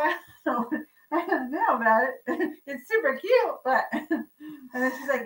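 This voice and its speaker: A woman's voice: sits high, expressive, measured pace, reverberant. A woman co-hosting a live auction stream, trading teasing banter and greeting viewers with frequent laughs. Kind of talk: casual live-stream chat. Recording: voice heard from a distance.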